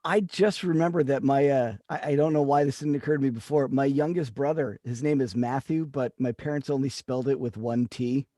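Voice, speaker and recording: A man co-hosting a podcast, telling anecdotes in crude, animated casual chat. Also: mid-range voice, brisk, hardly any pauses, dry recording, studio quality. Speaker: podcast co-host.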